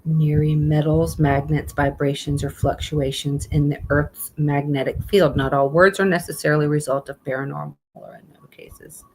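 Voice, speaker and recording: A woman's voice: low voice, fairly even intonation, normal speed, hardly any pauses, a little mellow, slight background noise. A woman live streaming in a casual chat style, speaking bluntly, swearing now and then, and muttering as she reads app text aloud.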